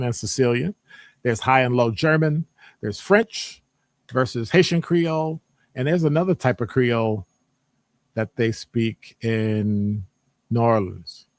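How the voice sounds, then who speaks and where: A man with a Midwestern American accent, presenting a live online session. He reads out audience answers, quizzes them and teases them in an animated, joking way. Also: mid-range voice, no room sound. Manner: animated, jokey, teasing the audience. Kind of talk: live-streamed lecture with chat.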